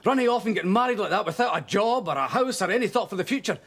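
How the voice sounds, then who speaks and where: An actor playing a stern older Scottish father in a TV soap, speaking in a gruff, blunt, scolding way. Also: on the high side, big pitch swings, moderate pace, heavily acted. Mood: angry. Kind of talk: TV soap drama.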